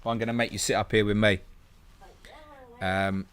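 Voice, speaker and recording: Guy on a live stream q&a, deep voice, rattles through questions casually. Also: flat delivery, a bit bright, slight background noise. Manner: chatty, reads out questions and answers quickly. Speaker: podcast host answering viewer questions.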